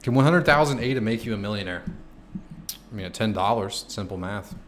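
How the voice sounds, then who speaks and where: A young man in his twenties, streaming casually and answering chat questions, joking and swearing freely, sometimes shouting. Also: fairly low pitch, expressive, a little fast, a little hiss or hum.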